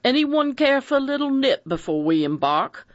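A reader voicing a big, bluff, jovial man who talks breezily and laughs heartily, in a much higher, louder voice than their narration. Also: big pitch swings, normal speed, dry recording, lo-fi sound. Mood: hearty. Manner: loud jovial laughing delivery.

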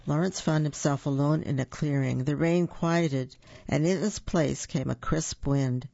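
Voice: mid-range voice, fairly even intonation, unhurried, vocal fry, dark tone, dry recording. A storyteller reading a picture book aloud with chatty asides to young listeners, in a dull, dry lo-fi recording.

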